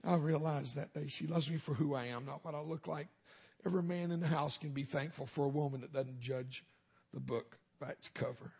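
A man's voice: on the high side, fairly quick, gravelly, a little mellow, husky. A middle-aged man, a minister giving a humorous testimony sermon in a folksy storytelling way with punchlines.

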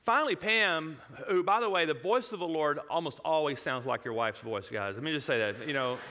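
A man speaking to a congregation, telling a personal story in an animated way, chuckling and breaking off his own sentences. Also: fairly high pitch, brisk.

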